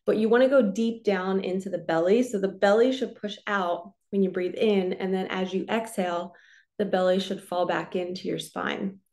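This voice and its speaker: A woman, a spiritual coach, giving a relaxed, chatty card reading and talking her listeners through slow belly breathing. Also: medium pitch. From New Jersey. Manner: relaxed, chatty, reassuring, lots of "like" and "so".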